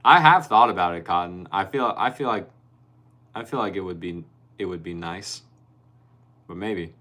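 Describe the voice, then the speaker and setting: Deep-voiced man chatting on a livestream. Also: moderate pace. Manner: relaxed, laughs often, reads viewer names aloud. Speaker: livestream host reading chat. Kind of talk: casual live-stream chat.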